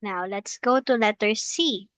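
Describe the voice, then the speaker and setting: A woman's voice: medium pitch, measured pace, fairly bright tone, no echo. A woman teaching an English lesson on a video call, patiently explaining and asking her student many questions, often laughing. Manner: laughs easily. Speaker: English tutor. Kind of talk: online one-on-one English lesson.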